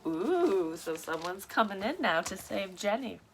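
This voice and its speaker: A woman's voice: medium pitch, big pitch swings, unhurried, a little hiss or hum. A woman who works as a psychic medium reads a story aloud and breaks off often for frank, rambling asides full of swearing. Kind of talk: reading a story aloud with casual commentary.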